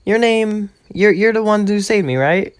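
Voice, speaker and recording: A man's voice: sits high, moderate pace, clear, resonant tone, dry recording, pitched above the performer's own voice, lightly acted. A man voicing a cheerful, curious teenage schoolgirl who stumbles over her words. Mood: eager.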